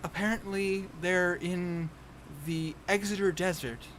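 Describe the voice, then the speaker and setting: A man voicing a nervous young woman adventurer in a tabletop game, halting and unsure. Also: high-pitched, fairly even intonation, a bit bright, slight background noise, pitched above the performer's own voice. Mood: hesitant. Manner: hesitant, halting with filler sounds.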